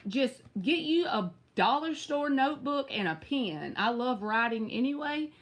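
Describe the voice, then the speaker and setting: A woman's voice: high voice, expressive, a little slow. A woman with a Southern US accent giving live tarot readings, chatty and direct, answering viewers by name. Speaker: tarot reader.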